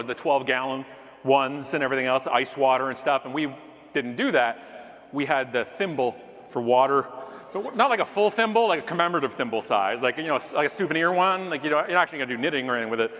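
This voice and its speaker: A middle-aged man from Canada giving a comedic keynote, telling a story animatedly, acting out yelling voices, with jokey asides. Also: mid-range voice. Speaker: keynote speaker. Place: large conference hall stage. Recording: long hall reverb, faint room noise.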